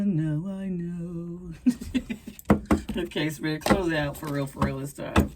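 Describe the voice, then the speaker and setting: Casual woman tarot reader, deep for her sex, teasing and chatty, over a noisy background. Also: takes it slowly, pauses often, darkish tone. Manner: playful, chatty, uses pet names.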